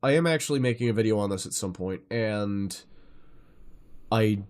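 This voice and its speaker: A man streaming live, chatting casually with viewers and jumping between tangents, often excitable and swearing freely. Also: on the low side, moderate pace, smooth.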